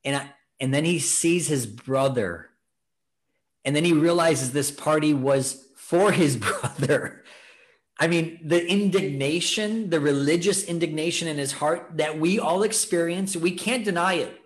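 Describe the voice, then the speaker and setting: Man, earnest preaching talk, exhorting, slightly higher voice. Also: measured pace. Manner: earnest, exhorting, acts out quoted thoughts. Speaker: podcast host teaching on scripture.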